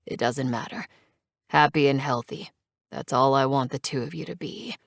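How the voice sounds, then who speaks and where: A woman voicing a rough male biker who speaks softly and chokes up as an expectant father. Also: moderate pace, dry recording, clean studio sound, heavily acted. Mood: tearful. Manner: soft, choked, low.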